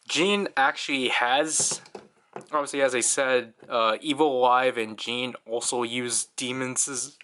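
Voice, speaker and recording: A man's voice: medium pitch, pushed and bright, slight background noise. A young man giving a casual, chatty toy review, full of fillers and small laughs.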